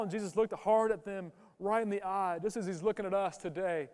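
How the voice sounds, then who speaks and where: A man's voice: sits high, fairly even intonation, fairly quick, darkish tone, big-room sound. A man preaching a sermon to his church, emphatic and full of rhetorical questions aimed at the congregation. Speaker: pastor. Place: church sanctuary.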